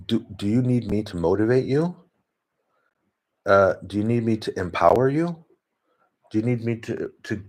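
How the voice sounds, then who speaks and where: A man's voice: fairly low pitch, darkish tone. A man talking in a rambling, casual monologue, often laughing and restarting his sentences. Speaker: vlogger. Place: home, talking to his dog.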